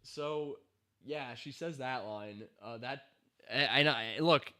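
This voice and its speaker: A man's voice: mid-range voice, takes it slowly, bright, forceful tone. A man giving a rambling, sarcastic spoken commentary, full of fillers and incredulous outbursts. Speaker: show reviewer.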